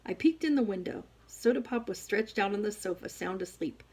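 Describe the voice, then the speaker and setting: A woman reading a first-person novel aloud as an audiobook, with expressive storytelling. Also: mid-range voice, a little fast. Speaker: audiobook reader.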